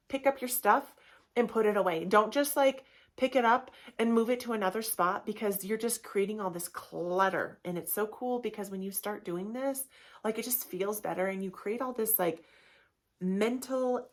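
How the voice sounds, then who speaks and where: A woman in her thirties hosts her own podcast, chatting candidly and acting out little voices of the people she talks about. Her pitch sits in the middle for a woman. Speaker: podcast host. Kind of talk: casual solo podcast talk.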